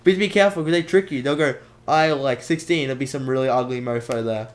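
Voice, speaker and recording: A teenage boy, chatting and joking on a casual podcast. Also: fast. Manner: joking, jumpy pitch. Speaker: podcast host. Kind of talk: casual chat.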